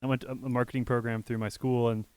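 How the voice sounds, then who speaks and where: A man's voice: medium pitch, little pitch movement, quick pace, a little mellow, clean tone, dry recording. Hesitant man chatting on a podcast. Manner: hesitant, with restarts. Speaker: podcast co-host. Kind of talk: casual chat.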